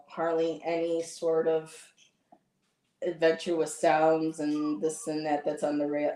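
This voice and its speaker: A woman's voice: low voice, warm tone. A woman in her fifties hosting a casual livestream while painting, chatting in long rambling anecdotes and laughing often. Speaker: livestream host. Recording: echoey room.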